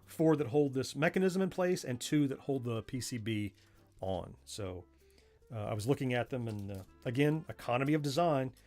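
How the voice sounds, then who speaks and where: A man's voice: mid-range voice, expressive, normal speed, darkish tone, faint music behind. A man with a Southern US accent, hosting a livestream and chatting casually as he takes apart a joystick, folksy and self-mocking, chuckling and thinking aloud as he works. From born in southern Florida, family from Missouri. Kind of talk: casual livestream commentary while working.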